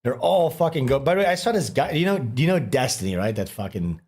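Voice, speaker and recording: A man hosting a livestream, talking in crude, animated, ranting commentary. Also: mid-range voice, quick pace, breathy edge. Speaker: streamer host.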